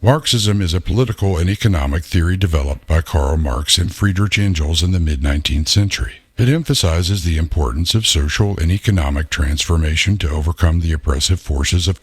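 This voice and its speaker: A very deep male text-to-speech voice with a husky, breathy edge. He reads a scripted narration at a steady, measured pace. The sound is dry and close. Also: no echo. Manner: steady, measured synthetic reading.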